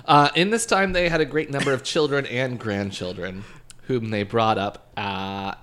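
A man's voice: medium pitch, normal speed, a bit bright. A man from Scotland casually reading a story aloud to friends, with laughing asides.

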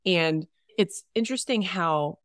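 Woman, low voice, dry close sound, lively podcast guest who laughs a lot. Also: measured pace, no room sound. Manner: animated, laughs often, acts out her own inner voice. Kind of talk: casual conversation.

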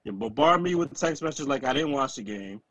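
A man co-hosting a casual sports podcast, ranting and self-mocking in animated bursts. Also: medium pitch, a little fast, a little hiss or hum. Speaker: podcast co-host.

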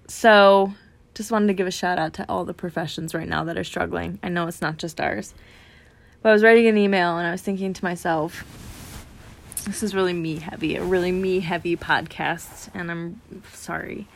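A woman who teaches, co-hosting a casual podcast chat. She wanders from tangent to tangent, talks herself down, and acts out little voices as she tells stories. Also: fairly low pitch. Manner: rambling, self-deprecating, jumps between tangents; animated storytelling with voiced asides. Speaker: podcast co-host.

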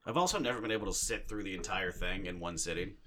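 A man's voice: deep voice, quick pace, sharp tone, slight background noise. A young man co-hosting a podcast, ranting in casual chat and swearing constantly. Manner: profane, ranting. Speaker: podcast co-host.

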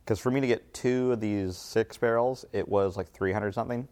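Very deep-voiced man, relaxed chat. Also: moderate pace. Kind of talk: casual chat.

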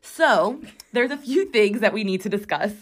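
A young adult woman with a medium-pitched, lively voice hosts a casual podcast with her sister, recorded on a bathroom floor. She's bubbly and jokey, chatting freely and quick to plug her socials.

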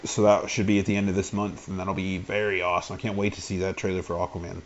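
A man hosting a casual podcast chat, relaxed and upbeat as he steers the show toward upcoming news. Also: low-pitched, quick pace, dull audio, a crowd in the background. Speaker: podcast host.

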